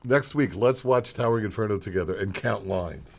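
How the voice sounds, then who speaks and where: A man's voice: lowish voice, brisk, a little hiss or hum. A man hosting a radio show, trading casual banter with his co-host in a dry, teasing, mock-offended way.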